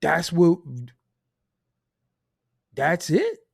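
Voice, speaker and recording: A man delivers an unfiltered, profane monologue about hip hop culture. His voice sits somewhat high and swings widely as he rants. He often laughs at his own points. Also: huge pitch swings, extremely slow, creaky, breathy edge. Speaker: host of a hip hop commentary channel.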